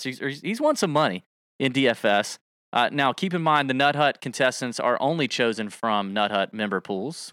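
A man hosting a casual podcast game show, energetic and joking as he hypes up a guest on a studio mic. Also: medium pitch, dry recording. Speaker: show host.

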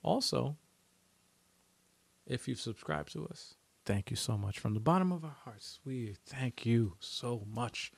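A man co-hosting a gaming podcast in casual chat, relaxed and drawn out as he signs off. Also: medium pitch, a little slow, vocal fry, breathy edge, no room sound. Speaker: podcast co-host.

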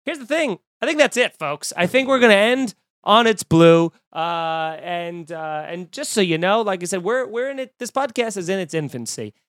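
A man hosting a casual podcast, telling stories and acting out quoted voices in an animated way. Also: high voice, normal speed, hardly any pauses, no echo, clean studio sound. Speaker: podcast host. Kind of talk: casual chat. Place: home room.

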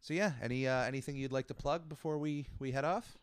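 A man's voice: medium pitch, fast talker, smooth, dry recording, clean studio sound. A young man hosting a podcast, chatting casually with lots of fillers and restarts. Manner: rambling, many fillers and restarts. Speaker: podcast host. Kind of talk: casual chat.

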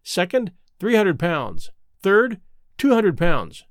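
A man reading a detective story aloud as narrator, measured and expressive. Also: high-pitched, dry recording, studio quality. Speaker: audiobook narrator.

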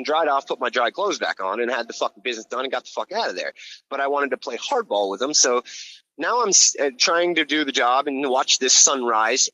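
A man who grew up in Hawaii, telling a long story in a casual, profane, rambling way and getting loud when he reenacts scenes. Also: on the high side. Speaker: guest telling his story. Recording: slightly dull, lo-fi sound.

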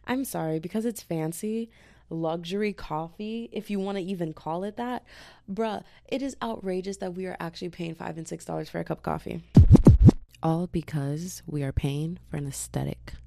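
A woman's voice: fairly low pitch, a little fast, creaky, warm tone, dry recording, clean studio sound. A woman hosting a solo podcast, ranting in a slangy, exasperated casual way into a podcast mic. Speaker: podcast host.

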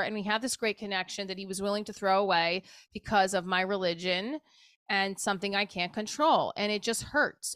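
A woman's voice: medium pitch, fairly bright tone, no echo. A woman talking candidly and emotionally in a rambling personal monologue, swearing casually as she goes. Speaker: show creator talking to camera.

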